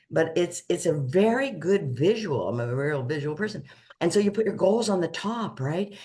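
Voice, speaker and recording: A woman's voice: sits low, a little mellow. Woman financial advisor, chatty explainer who leans on folksy analogies and restarts her sentences. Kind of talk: casual conversational explanation.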